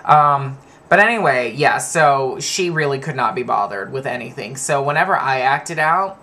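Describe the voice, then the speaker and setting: A man's voice: mid-range voice, animated, normal speed, sharp tone. A man candidly telling personal stories to his viewers, rambling and laughing at himself. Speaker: vlogger. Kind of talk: personal storytelling to camera.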